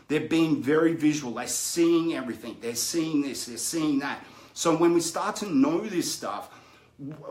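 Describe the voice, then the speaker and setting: A man with a slightly high voice leads a coaching session and mixes teaching with personal stories. He keeps checking in with his listeners as he goes. The sound is roomy and echoey. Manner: conversational, keeps checking in with "right?" and "make sense?". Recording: roomy echo.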